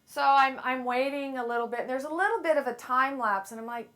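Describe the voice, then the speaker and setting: A middle-aged woman with a fairly high voice gives a motivational talk to a live audience, holding a handheld mic. She talks in a playful, self-deprecating way and tells stories about herself. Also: moderate pace. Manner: playful, self-deprecating storyteller who acts out quotes loudly. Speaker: speaker at a women's event.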